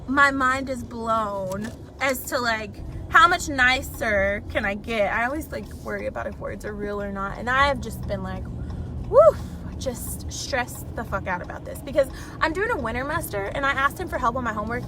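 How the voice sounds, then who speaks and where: A young woman rambling and venting with lots of swearing as she talks on a live stream from her car. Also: fairly high pitch. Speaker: vlogger. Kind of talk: casual live-stream chat while driving. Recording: phone audio with loud car noise. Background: road and traffic noise.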